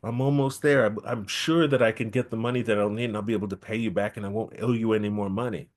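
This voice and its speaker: A man's voice: fairly low pitch, fairly even intonation, fast, natural voice. A man voicing Mofani, a kind, honest farmer who talks in an earnest, pleading way. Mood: hopeful.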